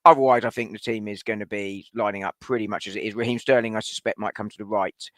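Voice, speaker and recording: A man as guest pundit on a casual football chat stream over a video call, analytical and quick to laugh. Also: fairly low pitch, steady tone, fairly bright tone, no room sound. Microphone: home computer mic on a video call.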